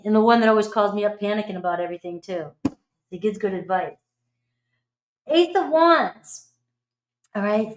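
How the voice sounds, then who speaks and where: A woman's voice: mid-range voice, fairly bright tone. A middle-aged woman giving a casual, blunt tarot reading, chatty and swearing freely. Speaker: tarot reader.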